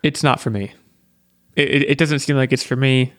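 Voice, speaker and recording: A man's voice: mid-range voice, fairly even intonation, moderate pace, fairly bright tone, no echo. Chatty man on a dry mic. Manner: chatty, hedging, lots of "like" and restarts. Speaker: podcast host. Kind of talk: casual chat.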